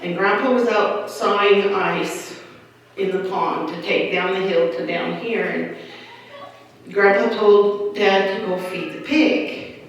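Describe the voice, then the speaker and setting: An older woman telling family stories to a local audience in an unhurried, rambling way, with ums and restarts. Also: mid-range voice, fairly even intonation, dull audio. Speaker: local history speaker. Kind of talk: family storytelling talk to an audience. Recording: echoey hall recording from far off, light noise.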